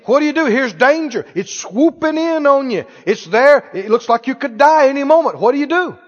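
A man's voice: very high voice, expressive, normal speed. Male preacher, playful and emphatic, in an echoey hall with a dull recording. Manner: rhetorical questions, playful and emphatic. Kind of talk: sermon.

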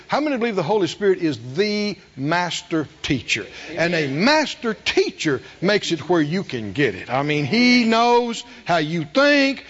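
A middle-aged man preaching a sermon, folksy and animated, asking the congregation questions. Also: high-pitched, lo-fi sound. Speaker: pastor.

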